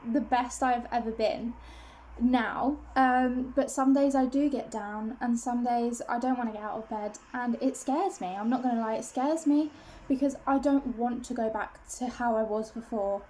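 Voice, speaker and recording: A young woman with a fairly high voice chats openly to her camera at home. She rambles and restarts her sentences, filling the gaps with little hesitations. She sounds self-conscious but keeps talking. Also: fairly even intonation, normal speed, warm tone, slight background noise. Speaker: vlogger. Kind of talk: casual confessional chat to camera.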